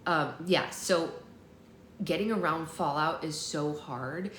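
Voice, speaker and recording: A young woman hosting a casual livestream, chatting with viewers and reading their comments out loud in a playful, rambling way. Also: low voice, slow, echoey room, a little hiss or hum. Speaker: livestream host.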